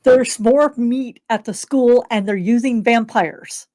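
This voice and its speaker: A woman voicing an unpopular, hyper-aware teen girl in a tabletop game, speaking in a halting, hesitant way. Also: on the high side, mellow, no echo, studio quality. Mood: wary.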